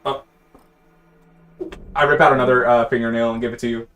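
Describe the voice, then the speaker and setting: A man's voice: medium pitch, steady tone, a little fast, fairly bright tone. Man, tabletop player, playful, hammy, faint music behind. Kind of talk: tabletop role-play.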